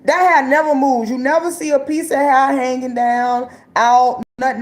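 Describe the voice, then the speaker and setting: A woman's voice: sits high, moderate pace, few pauses. A woman with ranting about politics in loose, profane comic riffs. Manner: loose, profane and riffing, with slang and rhetorical asides. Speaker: commentator. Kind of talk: comedic political rant.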